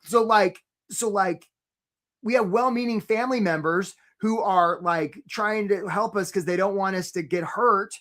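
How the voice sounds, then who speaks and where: A man hosting a live career-coaching webinar, talking in an energetic, chatty way and often asking "right?". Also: high-pitched, unhurried.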